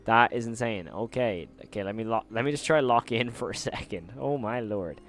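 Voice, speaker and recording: A man's voice: fairly low pitch, normal speed. A man streaming live, chatting casually to his viewers with slangy, rambling talk and frequent laughter.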